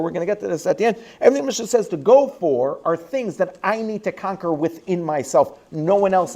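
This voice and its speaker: A man's voice: a little high, warm tone. A man teaching a class in a school classroom, joking and rambling between points and repeating key lines for emphasis. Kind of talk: lively classroom lecture with asides.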